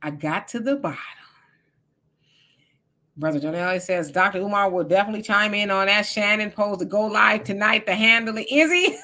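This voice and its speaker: A woman's voice: mid-range voice, steady tone, a little fast, pushed and bright. A middle-aged woman, co-hosting a live stream and reading viewer comments in a chatty, teasing way. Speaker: livestream co-host. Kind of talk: casual live-chat commentary.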